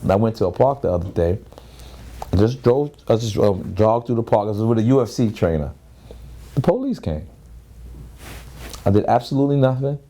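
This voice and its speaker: His voice is lowish and mellow. In a casual storytelling interview, this Queens, New York rapper in his 30s swears freely and acts out both sides of each conversation he recounts.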